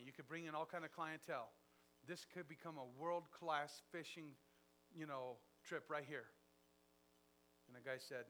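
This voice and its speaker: A man preaches a sermon in a slightly high voice, acting out a story with lively swings from quiet asides to loud bursts. A faint hum sits under the recording. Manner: animated storyteller, acting out dialogue with big swings in loudness.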